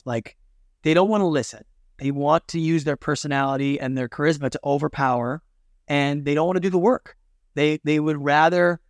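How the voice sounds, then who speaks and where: Middle-aged guy talking fast and lively in an interview, does little voices for quotes, dry close sound. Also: a little high, no echo. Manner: animated, acts out quoted voices, many "like" fillers. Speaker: guest, film producer and business consultant. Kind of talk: casual interview conversation.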